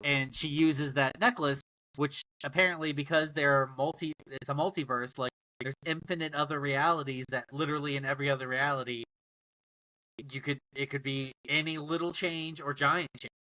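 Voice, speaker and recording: Bright-voiced laid-back man on a podcast. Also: fairly high pitch, steady tone, moderate pace, poor audio. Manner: laid-back, agreeable, swearing in passing. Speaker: podcast co-host. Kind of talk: casual chat recapping a TV episode.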